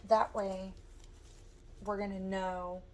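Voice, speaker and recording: A woman with a hoarse voice, casually explaining step by step how she makes a wreath as she works. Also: mid-range voice, level tone, slow, darkish tone, slight background noise, poor audio. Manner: chatty, talks while working with her hands. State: hoarse, losing her voice. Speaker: craft tutorial host. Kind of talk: step-by-step crafting instruction.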